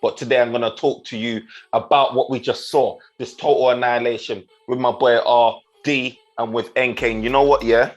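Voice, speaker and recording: A young man hosting a casual football banter show, talking in animated slang and teasing his co-host. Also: mid-range voice, brisk, few pauses, muffled recording. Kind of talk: casual banter, football post-match chat.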